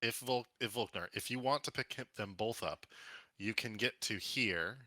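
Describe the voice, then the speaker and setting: Male game master, lowish bright voice, relaxed rules talk, dry close sound. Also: normal speed, dry recording. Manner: relaxed, explains rules with fillers. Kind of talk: narrating a tabletop game.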